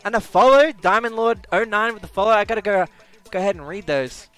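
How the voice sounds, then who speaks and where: A young Australian man streaming a game, excitable and quick to exclaim and swear. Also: high voice, clear, resonant tone, soft background music. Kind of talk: live stream reaction.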